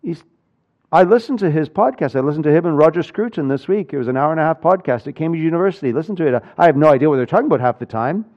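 Animated preacher man, lo-fi recording. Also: a little high, rapid-fire. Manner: animated, swings between loud and hushed. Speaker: pastor. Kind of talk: sermon with personal storytelling.

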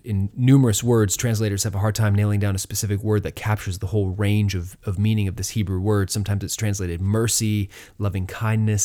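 A man with a lowish voice teaches doctrine in an earnest, explanatory way. He pauses on fillers and restarts as he works through an idea, then reads verses aloud. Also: darkish tone.

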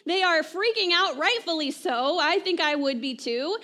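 A woman pastor delivering a sermon in a conversational way, often checking in with "right?" and trailing off softly at the ends of phrases. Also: very high-pitched, moderate pace. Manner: conversational preaching, frequent "right?" asides.

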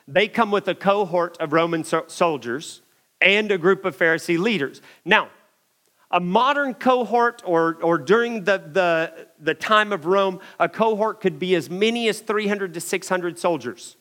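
A man preaching a sermon, telling a story in an animated way and swinging from loud emphasis to hushed moments. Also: high-pitched, a little slow.

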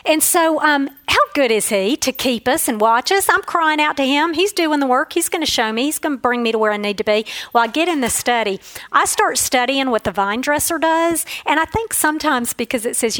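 A woman's voice: high-pitched, fairly bright tone, dry recording, rough recording. A woman giving an earnest, emotional devotional Bible teaching, telling stories from her own life.

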